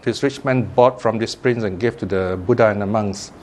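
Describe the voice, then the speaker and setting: A man's voice: on the low side, normal speed, darkish tone, slight background noise. A man, a Buddhist teacher giving a chatty Dharma talk, laughing often and tossing in asides. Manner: chatty, laughs often, lots of "you know".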